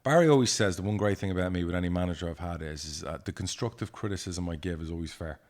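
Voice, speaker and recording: Low-pitched and fast, this football club chairman spins profane, blunt, lively tales while co-hosting a casual podcast.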